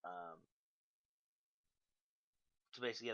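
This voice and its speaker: A man's voice: mid-range voice, normal speed, a bit bright. A young man casually recapping wrestling shows, loose and profane with lots of ums and uhs. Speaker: podcast host. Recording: dull lo-fi podcast mic.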